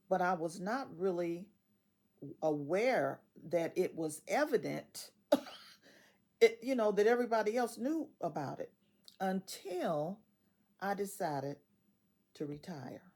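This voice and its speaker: A woman in her sixties, a retiree telling a story casually, animated and quoting others in dialogue, often laughing as she talks. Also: lowish voice.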